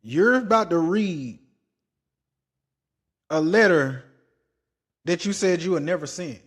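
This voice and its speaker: Blunt higher-pitched man giving commentary. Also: lively intonation, takes it slowly, husky. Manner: blunt, preachy, rising to exasperated outbursts. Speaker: podcast host reacting to clips. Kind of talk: opinionated commentary.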